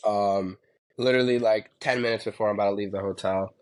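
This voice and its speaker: Podcast guest: man from New Jersey, very low voice, casual rambling storyteller. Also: steady tone, fast talker. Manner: rambling, filler-heavy.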